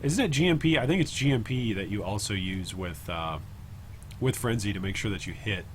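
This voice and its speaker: A man's voice: fairly low pitch, animated, a little fast, slight background noise. Rambling man streaming a game. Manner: thinks aloud, rambling self-talk with chat asides. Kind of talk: casual live game commentary.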